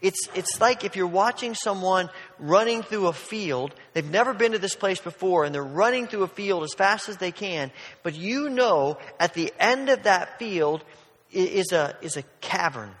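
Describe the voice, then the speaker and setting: A man's voice: high voice, normal speed, few pauses, a bit bright, long reverb tail. A man preaching a sermon as a pastor, earnest and emphatic, often restarting and repeating words as he works through a point.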